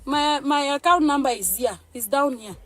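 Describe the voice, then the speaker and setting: A woman's voice: high-pitched, normal speed, a bit bright, soft background music. A woman with a Nigerian accent, a mother ranting emotionally to camera in an agitated, threatening and pleading way. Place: parked car.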